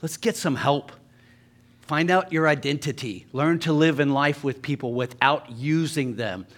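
Man preaching with a light pitch lift. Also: a little slow. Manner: conversational, joking storytelling. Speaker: pastor. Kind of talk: sermon. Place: church.

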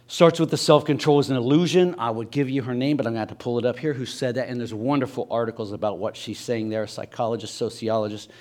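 A man's voice: medium pitch, fairly even intonation, quick pace, few pauses, a little mellow. A man with a Southern Ohio accent preaching a sermon in a church, talking conversationally, stumbling and restarting, and acting out quoted voices. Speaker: pastor. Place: church sanctuary.

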